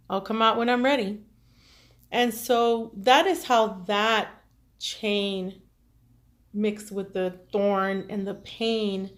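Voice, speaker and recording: A woman with children, speaking to her viewers in an emotional, halting personal monologue as a tarot reader, tearful at times. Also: medium pitch. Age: adult with children. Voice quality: earnest, halting, with many restarts and fillers. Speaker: tarot reader and self-care vlogger.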